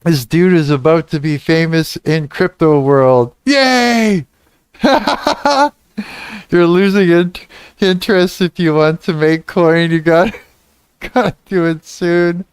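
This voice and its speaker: A young man hosts a casual livestream, giggling often, swearing freely, and reading chat comments aloud. His voice is fairly high and smooth, his pace slow, and the studio-quality recording has no echo.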